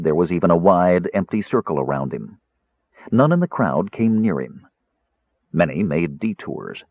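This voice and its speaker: A man narrating a fantasy audiobook in a measured storytelling manner. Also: slightly rough, no echo. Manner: measured storytelling, dropping low on asides. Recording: narrow tinny phone-like audio.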